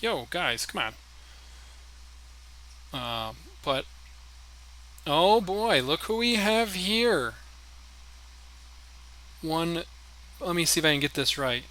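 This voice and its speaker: A man's voice: on the high side, pushed and bright. A man streaming a card game live, thinking his moves aloud in a chatty way and talking to his opponent and viewers.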